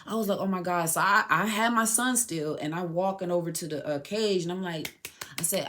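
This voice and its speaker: A young woman with a lowish, brisk, slightly bright voice hosts a podcast, and there's a faint hiss or hum on the recording. She tells a painful personal story candidly and in slang, retelling dialogue and coming close to tears at times.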